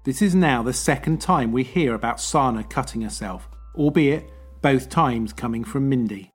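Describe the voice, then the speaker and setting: A man hosting a true crime podcast, reading scripted narration in a measured way. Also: mid-range voice, breathy edge, faint music behind. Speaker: podcast host.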